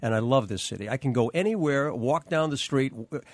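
An older American man, a veteran news anchor, telling lively stories and acting out the dialogue in an interview. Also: medium pitch, brisk, no echo. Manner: animated anecdotes, acts out quoted dialogue. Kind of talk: storytelling interview answers.

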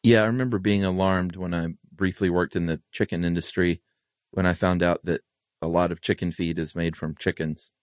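A man's voice: low voice, level tone, a little fast, dry recording. A man co-hosting a podcast, laid-back, with short dry replies, also reading out listener mail. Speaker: podcast co-host.

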